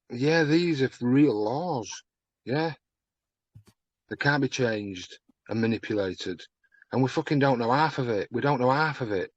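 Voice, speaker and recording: A man's voice: medium pitch, no echo, lo-fi sound. A man chatting as a guest, blunt and sweary. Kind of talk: casual chat.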